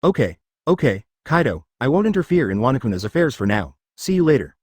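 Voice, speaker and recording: A man's voice: medium pitch, very animated, fast talker, darkish tone, slightly rough, no echo, clean studio sound. A man voicing a hot-tempered young male pirate who curses and talks cocky, in a fan fiction reading. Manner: cocky and cursing.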